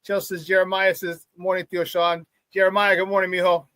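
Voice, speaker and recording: A man hosting a morning sports talk show, chatting casually with hype-man energy, greeting viewers and shouting out the chat. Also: sits high, level tone, fairly quick, dry recording.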